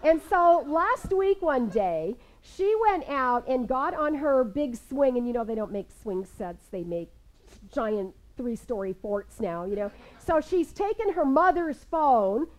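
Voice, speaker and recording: An older woman minister giving a sermon to a seated congregation. She tells stories with lively energy, then slows into calm, measured guided prayer. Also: high voice, poor audio. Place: in front of a seated congregation in a room.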